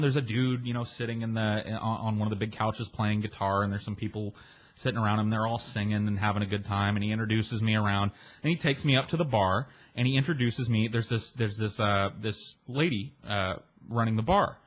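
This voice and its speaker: Man telling a party story, animated. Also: mid-range voice, breathy edge. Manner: animated, acts out voices of people he met; swears freely, chatty and self-mocking. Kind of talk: casual spoken storytelling.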